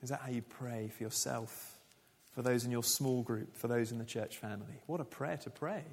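A pastor preaches to his congregation in an easy, conversational way, often asking questions of them. His mid-pitched voice carries a long reverb from the church hall where he speaks. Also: moderate pace. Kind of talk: sermon.

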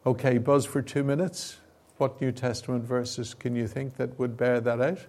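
A man leads an informal sermon and Bible teaching session with audience participation, talking conversationally with asides and fillers. His medium-pitched voice is a little mellow, with a level tone and moderate pace.

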